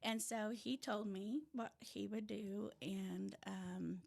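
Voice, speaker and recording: Animated Oklahoma woman telling her story. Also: medium pitch, slow pace, gravelly. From rural Oklahoma. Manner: animated storyteller who drops to a hush at tense moments. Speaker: guest. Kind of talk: candid personal testimony in casual chat. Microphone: audio-only podcast mic.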